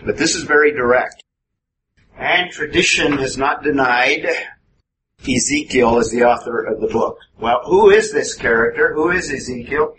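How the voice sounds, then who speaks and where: A man's voice: medium pitch, moderate pace, fairly bright tone. A man teaching a Bible class in a methodical, explanatory way, often putting questions to his students. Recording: noisy room recording.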